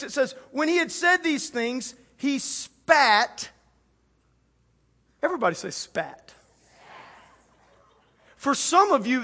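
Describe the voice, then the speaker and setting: A male pastor with a high, bright, ringing voice preaches to a live congregation. He jokes with the crowd and voices the people in his story in a playful way. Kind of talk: lively sermon.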